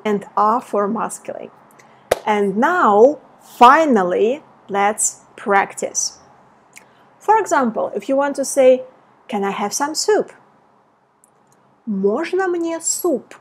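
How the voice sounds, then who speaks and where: A woman teaching a language lesson in English, explaining grammar and repeating example phrases slowly. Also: on the high side, slightly rough. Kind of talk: slow language lesson with read-aloud examples.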